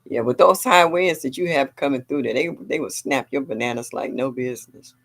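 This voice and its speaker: A woman's voice: extremely low pitch, fairly quick. An older woman hosting a gardening livestream, chatting casually and reading viewer comments aloud. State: a little sore.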